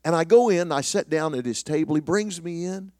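A middle-aged man preaching, telling a personal story in a self-deprecating way with many restarts, sometimes dropping to a hushed voice. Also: on the high side, fairly quick, no echo. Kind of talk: sermon storytelling.

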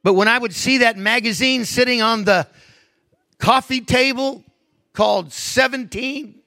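A man preaching a sermon, emphatic, swinging between hushed stretches and raised, stressed lines. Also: very high-pitched, unhurried, no echo.

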